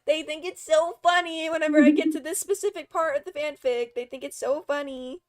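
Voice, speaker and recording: A woman's voice: high-pitched, fairly even intonation, fairly quick, a little mellow. A young woman streaming and chatting casually with friends, talking animatedly, swearing freely and laughing often.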